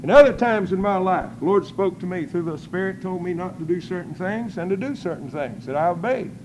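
High-voiced older preacher. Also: male voice, animated, a little fast, a little hiss or hum, low-quality recording. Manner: folksy storytelling with shouted praise. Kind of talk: sermon testimony.

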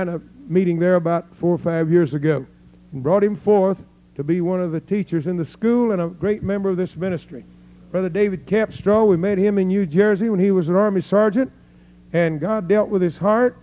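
Older male preacher, high-pitched voice, folksy rambling sermon, tinny phone-like tape. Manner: folksy, rambling storyteller with laughs and praise interjections. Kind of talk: sermon testimony to a congregation.

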